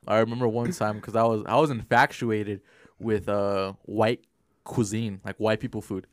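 A man's voice: on the low side, fairly even intonation, normal speed, no echo, studio quality. Laid-back young man telling a story. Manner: laid-back, swears a lot, laughs often. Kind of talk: casual chat, storytelling.

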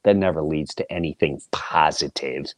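In a clean, echo-free studio recording, a middle-aged podcast host with a rumbling low voice tells a personal story at a moderate pace. He's blunt, profane and casual, animatedly acting out the voices of the people he quotes.

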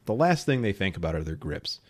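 A man's voice: sits low, fairly quick. A man in his late thirties hosting a podcast, talking straight to his listeners in an emphatic, persuasive way. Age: 30s. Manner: emphatic, animated, addresses listeners directly. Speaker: podcast host. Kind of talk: solo podcast talk.

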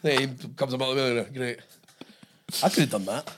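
A man's voice: medium pitch, a little fast, background noise. A Scottish man in his thirties, a podcast co-host in casual chat who swears freely, jokes and laughs often.

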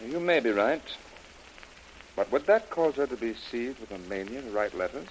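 An actor playing a grave hospital doctor, calm and clinical, in a hissy old radio drama. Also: male voice, mid-range voice, moderate pace, close to an everyday voice, poor audio. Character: grave hospital doctor, middle-aged man. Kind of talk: 1930s radio drama acting.

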